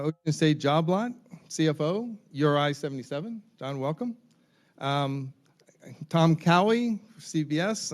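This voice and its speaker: Man moderating a university panel. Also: a little high. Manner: reads names and titles, um-filled. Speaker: forum moderator. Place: university event hall.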